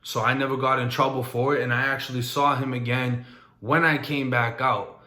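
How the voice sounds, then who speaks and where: A man's voice: mid-range voice, flat delivery, normal speed, sharp tone, roomy sound. A young man bluntly telling his own prison story in a casual, streetwise way. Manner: blunt, streetwise, matter-of-fact.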